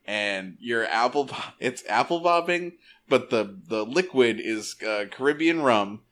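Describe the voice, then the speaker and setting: Animated, bright-voiced man riffing. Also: medium pitch, unhurried. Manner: rambling, riffs on silly ideas. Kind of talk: improv comedy chat.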